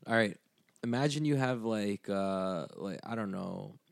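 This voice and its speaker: A young man co-hosting a casual chat, cracking crude jokes and reacting loudly to stories. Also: fairly low pitch, measured pace, creaky, no echo, clean studio sound. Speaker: podcast co-host.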